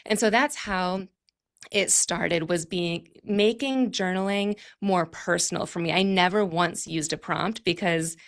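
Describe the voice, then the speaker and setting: A woman's voice: on the low side, measured pace, a bit bright. A woman in her thirties, a guest on an interview podcast, speaking reflectively and thinking aloud in long, winding sentences. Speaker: podcast guest, clarity coach. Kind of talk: conversational interview.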